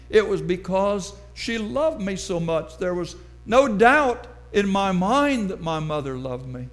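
A middle-aged man preaching a sermon, telling a personal story slowly and dramatically. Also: sits high. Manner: slow, deliberate, dramatic storytelling.

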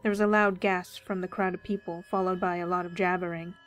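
A woman reading a first-person horror story aloud with steady, measured storytelling. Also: lowish voice. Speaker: story reader. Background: faint background music.

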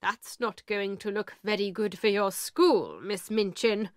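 A woman voicing a calm, blunt male lawyer who speaks in a measured, matter-of-fact way. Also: medium pitch, dry recording, clean studio sound, natural voice.

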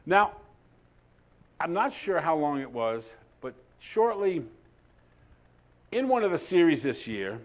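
A man preaching a sermon as pastor, telling stories and swinging between loud emphatic lines and soft, hushed ones, sometimes dropping to a near whisper. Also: fairly high pitch, sing-song, slow pace, pauses often.

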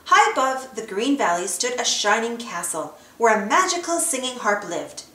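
Lady reading a kids' story, lively ups and downs, bit high, echoey room. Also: normal speed. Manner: expressive storytelling. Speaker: storybook reader. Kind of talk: children's read-aloud narration.

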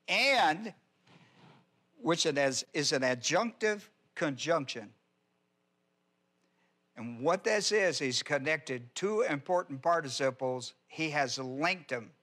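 A male pastor delivers an expository sermon at an unhurried pace. His voice sits a little higher than most men's, and he dwells on single words, repeating them to drive the point home. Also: lively intonation, fairly bright tone. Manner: slow and deliberate, repeats key words for emphasis. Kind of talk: expository Bible teaching sermon.

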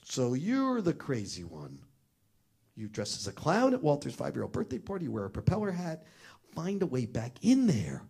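A middle-aged man telling a personal story in front of an audience. He is animated and acts out the other people's voices, speaking fairly high with a lively, swinging pitch. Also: fairly quick, gravelly, breathy edge. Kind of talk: storytelling talk.

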